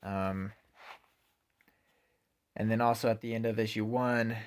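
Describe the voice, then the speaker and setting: Low-voiced man reviewing comics, hesitant. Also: steady tone, a little slow, clear, resonant tone. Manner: hesitant, many ums and uhs. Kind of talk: casual spoken review.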